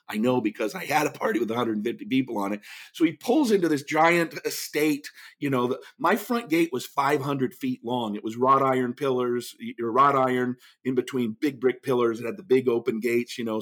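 A middle-aged man, a speaker and author, telling a long story in an interview and acting out the people in it. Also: medium pitch. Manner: animated storyteller, acts out quoted voices.

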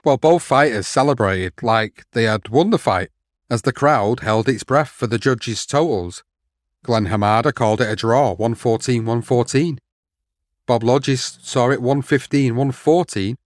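A man's voice: mid-range voice, dry recording. Man narrating boxing history in a dry close voice. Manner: steady storytelling, reading out quotes. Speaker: podcast host.

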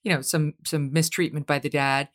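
A woman's voice: low voice, fairly even intonation, normal speed. A woman hosting an interview, reflecting at length on what her guest has said. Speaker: podcast host. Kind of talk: casual interview conversation.

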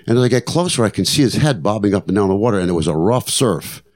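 In a reflective monologue, an older podcast host tells stories with earnest, motivational energy, leaning on repeated phrases for emphasis. He talks fast and expressively, with a fairly low pitch and darkish tone.

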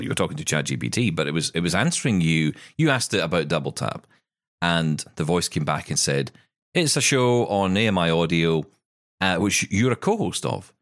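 With a rumbling low voice, a Scottish man co-hosts a tech podcast in casual, animated chat, enthusiastic and frequently self-correcting mid-sentence. The sound is clean studio audio with no echo.

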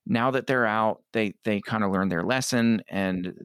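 A middle-aged man talking earnestly as an interview guest, often quoting others in quick asides. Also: lowish voice, a bit bright, clean tone, dry recording, studio quality. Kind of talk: conversational interview.

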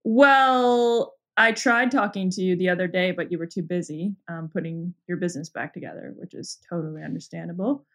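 A woman's voice: lowish voice, normal speed, few pauses, fairly bright tone. A woman with a Canadian accent tinged with Australian and British sounds, chatting as a guest in a giggly, easygoing way. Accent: Canadian with Australian and British touches. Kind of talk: casual podcast chat. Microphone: remote call.

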